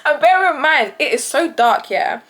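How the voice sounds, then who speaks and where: Animated young British woman telling a story. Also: normal speed. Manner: animated, acts out quoted voices with big pitch jumps. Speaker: vlogger. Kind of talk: storytime vlog.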